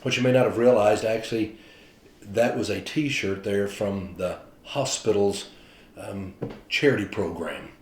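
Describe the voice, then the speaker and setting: A man's voice: lowish voice, measured pace, reverberant. A man, a pastor, telling stories in a casual, chatty devotional talk. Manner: chatty storytelling, animated retelling.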